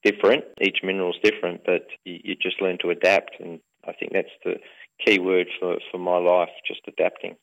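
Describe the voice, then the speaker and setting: Middle-aged man, Australian accent, low voice, rambling with fillers, radio interview. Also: fairly quick, vocal fry, phone-quality sound. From England. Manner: relaxed, rambling, many fillers. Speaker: football club owner and mining businessman. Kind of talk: conversational interview.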